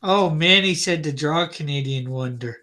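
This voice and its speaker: A man's voice: on the high side, moderate pace, pushed and bright. A man co-hosting a live drawing stream, reading viewer comments aloud and joking, with frequent laughs. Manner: laughs often. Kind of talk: casual chat.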